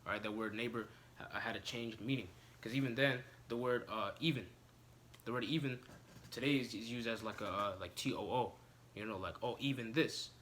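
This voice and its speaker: A man teaching scripture in an informal sermon, halting with many fillers and restarts and slowing down to read verses aloud. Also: lowish voice, fairly bright tone, slight background noise. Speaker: preacher.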